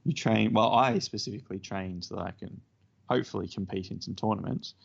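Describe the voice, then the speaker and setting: A man's voice: on the low side, brisk, vocal fry, slightly rough. A man co-hosting a podcast, telling a self-deprecating story in casual chat. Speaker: podcast co-host. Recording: dull lo-fi podcast audio.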